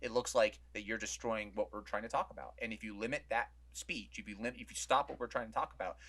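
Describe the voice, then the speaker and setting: A man's voice: fairly low pitch, steady tone, fast, a bit bright. A man on a podcast as a guest, ranting heatedly in casual chat and swearing often.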